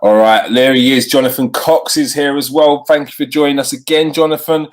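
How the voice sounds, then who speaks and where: A man's voice: mid-range voice, fairly quick. A man hosting a live show, chatting with viewers and repeating himself as he goes. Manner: lively, talks to the chat, repeats himself. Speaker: host.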